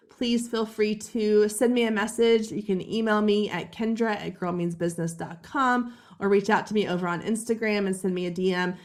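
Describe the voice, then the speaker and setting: Hoarse woman giving business advice. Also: mid-range voice. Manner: direct, coaching tone, addresses listeners as guys. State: hoarse, gravelly throat. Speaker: podcast host and business coach. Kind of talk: solo podcast advice talk.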